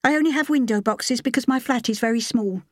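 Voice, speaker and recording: A woman's voice: a little high, fairly quick, no echo, clean studio sound, voice pushed up, close to an everyday voice. A woman voicing a poised, proud young woman gardener, speaking steadily, in an audiobook. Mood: composed.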